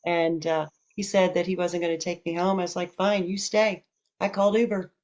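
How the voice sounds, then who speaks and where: Low-voiced woman telling her story. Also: fairly quick. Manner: candid, animated retelling with quoted dialogue. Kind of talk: casual personal storytelling. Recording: dull lo-fi audio.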